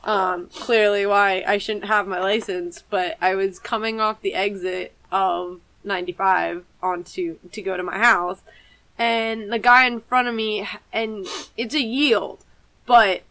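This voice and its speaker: A woman's voice: medium pitch, unhurried, dry recording. A woman, chatting expressively on a casual podcast. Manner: expressive, talks with her hands. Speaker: podcast co-host. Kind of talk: casual chat.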